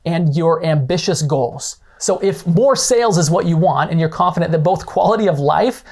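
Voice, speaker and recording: A man's voice: fairly high pitch, animated, normal speed, a little mellow. A man explaining real estate leads and referrals as a coach, acting out short phone calls as examples. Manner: explanatory, slightly dramatized role-play of callers. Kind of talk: instructional talk with acted phone-call examples.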